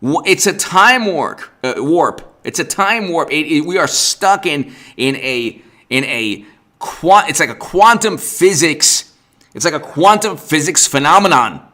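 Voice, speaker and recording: A man's voice: on the high side, lively intonation, unhurried, sharp tone. A man hosting a political livestream, ranting with sarcasm and exasperation and greeting viewers in the chat by name. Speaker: political commentary host.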